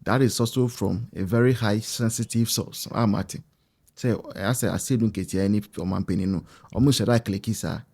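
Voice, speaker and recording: A man's voice: lowish voice, moderate pace, creaky, darkish tone. A man with a Ghanaian English accent hosting an online political show, talking rhetorically and slipping in Twi phrases. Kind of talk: political commentary to camera.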